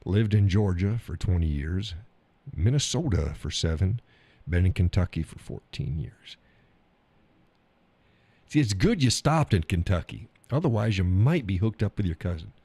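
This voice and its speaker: A man's voice: deep voice, expressive, normal speed, mellow, breathy edge, dry recording. A middle-aged man with an Oklahoma accent, hosting a live stream and chatting casually about the chat messages, teasing and laughing often.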